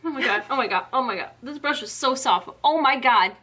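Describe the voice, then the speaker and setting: A young woman vlogging casually, giggly and flustered, exclaiming often as she rushes. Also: high-pitched, animated, sharp tone. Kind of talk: casual chat.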